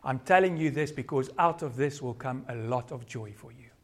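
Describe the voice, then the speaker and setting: Male pastor, South African accent, earnest sermon delivery, mid-pitched voice. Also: normal speed. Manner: earnest preaching, code-switching, varied loudness.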